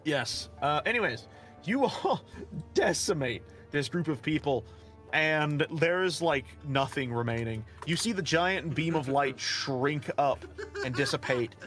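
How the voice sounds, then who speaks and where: A man's voice: on the high side, lively intonation, measured pace, a bit bright, faint music behind. A man narrating a tabletop game as game master, casual and giggly, swearing loosely.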